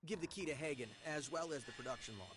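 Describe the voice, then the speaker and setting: A man's voice: fairly high pitch, fast, fairly bright tone, slightly rough. An actor playing a nervous, fussy male technician in a video game, talking in a hesitant way.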